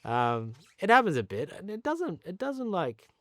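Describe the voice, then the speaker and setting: A man in his thirties with an Australian accent, a guest telling relaxed stories with frequent laughs. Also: high-pitched, normal speed, dry recording, studio quality. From Pakistan. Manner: relaxed anecdotes, laughs often, restarts. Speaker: interview guest, cricketer. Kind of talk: casual storytelling.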